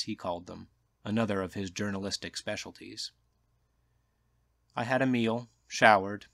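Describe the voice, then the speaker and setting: A man reading a short story aloud in a measured, quiet, subdued narration. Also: lowish voice, no echo. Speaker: audiobook reader. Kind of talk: scripted narration.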